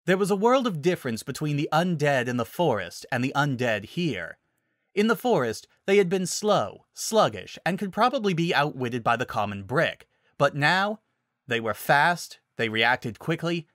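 A man narrating a dramatic story reading in an animated way. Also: fairly high pitch, moderate pace, no room sound, studio quality.

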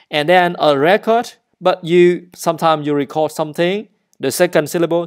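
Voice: mid-range voice, moderate pace. A teacher whose first language is Vietnamese, speaking English with a Vietnamese accent. They read a textbook passage and then drill vocabulary, repeating each word and stressing its syllables. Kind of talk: slow vocabulary lesson with repetition drills.

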